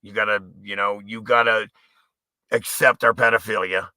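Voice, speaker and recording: A man hosting a livestream, ranting in a profane, angry, rambling way and sometimes shouting. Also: fairly low pitch, level tone, normal speed, no room sound. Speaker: livestream host. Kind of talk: livestream rant.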